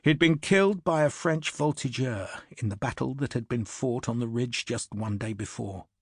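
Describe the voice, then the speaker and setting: A man narrating an audiobook in a measured, steady, scripted way. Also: mid-range voice, slightly rough, no echo, studio quality.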